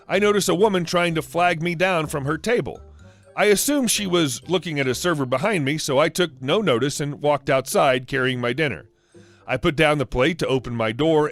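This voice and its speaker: A man's voice: fairly high pitch, a bit bright. A man narrating online stories in a matter-of-fact, scripted style. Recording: faint music underneath.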